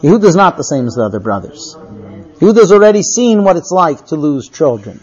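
A man with a high voice teaches a scripture lesson, retelling the story with animation and often checking in with his listeners. The recording is dull and lo-fi. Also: big pitch swings, brisk, a little mellow, slightly rough. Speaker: religious teacher.

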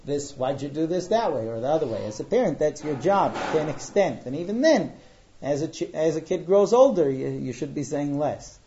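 A middle-aged man, a matchmaker, telling a story in a casual, animated way with frequent hesitations. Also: on the high side, moderate pace, slight background noise. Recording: dull lo-fi audio.

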